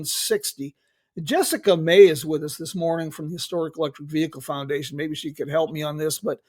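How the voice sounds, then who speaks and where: A middle-aged man hosting an interview, rambling with many pauses and restarts. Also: a little high, dry recording, clean studio sound. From United States. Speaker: host. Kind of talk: casual interview chat.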